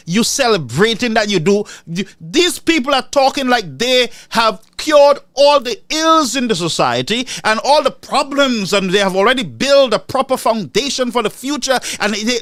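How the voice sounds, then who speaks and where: A man's voice: very high voice, a bit bright, dry recording, studio quality. A man giving angry, impassioned political commentary, ranting and firing rhetorical questions.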